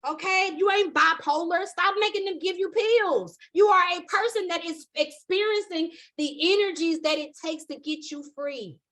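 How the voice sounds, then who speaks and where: A high-pitched woman teaching a live spiritual astrology class preaches emphatically, piling up repeated phrases to build emphasis and constantly asking listeners "okay?" and "you understand?". She speaks at a moderate pace with few pauses, her tone a bit bright.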